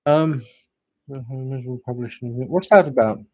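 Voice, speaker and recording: A man's voice: medium pitch, moderate pace, narrow, tinny audio. A man, hosting a casual live stream, chatting and rambling as he greets viewers. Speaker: livestream host, witch doing readings.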